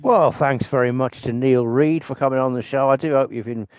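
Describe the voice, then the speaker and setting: A man's voice: mid-range voice, brisk, darkish tone, no echo, lo-fi sound, soft background music. An older man hosting a podcast in casual chat, rambling with restarts and laughing often. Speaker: podcast host.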